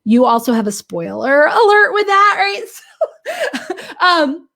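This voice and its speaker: A woman business coach telling a client story in a casual motivational talk, animated and laughing often, checking in with "right?". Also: very high-pitched, takes it slowly, vocal fry.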